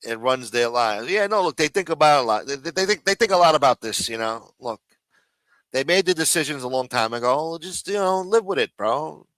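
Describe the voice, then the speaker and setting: A man's voice: on the high side, animated, a little fast, a bit bright, no room sound, low-quality recording. A man hosting a live stream, ranting and mocking in casual, profanity-heavy talk. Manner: profane, mocking, rambling rant.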